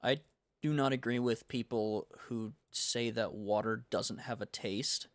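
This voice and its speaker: A man's voice: medium pitch, steady tone, unhurried, no room sound, clean studio sound. A young man from the United States chatting casually on a game-dev livestream, rambling and laid-back, full of slang. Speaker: game developer streaming.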